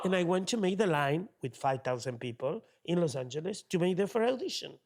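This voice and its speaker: A man's voice: fairly high pitch, animated, a little fast, few pauses, darkish tone. A man from Argentina with an Argentine Spanish accent, a tenor telling stories as the guest of an interview in non-native English, animatedly acting out other people's speech. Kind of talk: casual interview storytelling.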